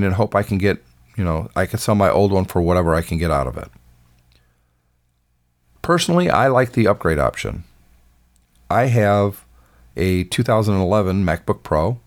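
Low-voiced enthusiastic man hosting a tech podcast. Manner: chatty and enthusiastic, with filler words. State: voice sounds off, a bit rough. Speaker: podcast host. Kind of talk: casual tech podcast monologue.

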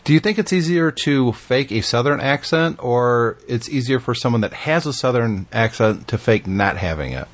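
A man's voice: medium pitch, lively intonation, normal speed, few pauses. A man hosting a casual interview and asking curious questions. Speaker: host.

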